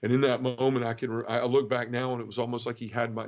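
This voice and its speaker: A man's voice: medium pitch, little pitch movement, quick pace, hardly any pauses, a little mellow, dull audio. Earnest man telling a raw story. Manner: earnest, vivid, many restarts and repetitions. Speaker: guest telling his conversion story. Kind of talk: emotional personal storytelling.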